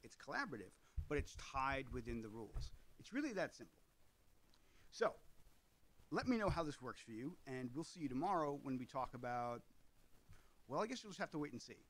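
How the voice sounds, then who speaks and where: A man's voice: medium pitch, very animated, fairly quick, long pauses, rough recording. A man hosting an explainer video on tabletop games, talking through ideas in a discursive way with asides. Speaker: host.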